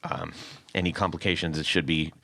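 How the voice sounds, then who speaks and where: Male podcast host, very low voice, dry sound, chatty and rambling. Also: steady tone, brisk, a bit bright, no room sound. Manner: chatty, rambling with restarts and laughs. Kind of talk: casual chat.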